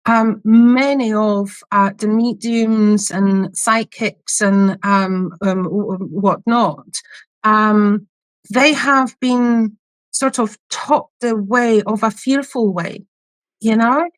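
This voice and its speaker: Guest therapist, woman, middle-aged, Polish accent with a Scottish lilt, slow and halting, dry close sound. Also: mid-range voice, fairly even intonation, no room sound. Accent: Polish with a Scottish tinge. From Poland. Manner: slow, hesitant, many fillers. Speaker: guest, family constellation therapist. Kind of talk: podcast interview.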